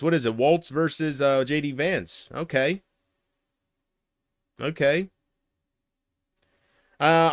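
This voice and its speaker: A man's voice: mid-range voice, no room sound, clean studio sound. A man hosting his own livestream, chatting casually in a rambling, profane way and laughing at his own jokes. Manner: breaks into loud mocking impressions. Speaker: livestream host.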